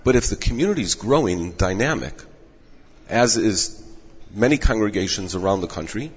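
A man who directs rabbinic placement, giving measured advice in an interview while losing his voice. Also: on the low side, lively intonation, slightly rough. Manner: measured, advising. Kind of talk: explanatory interview answers. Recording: echoey dull room audio.

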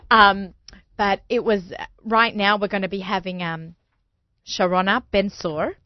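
A woman's voice: mid-range voice, animated, slow, no room sound. A woman with an Australian accent hosting a casual radio interview, chatty and laughing often. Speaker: radio show host. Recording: dull lo-fi studio sound, dry.

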